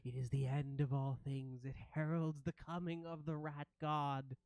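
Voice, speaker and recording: A game master voicing a fawning male rat prince who wheedles and keeps asking "yes?" in a raised, louder voice. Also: medium pitch, flat delivery, a little slow, lightly acted. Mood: awed.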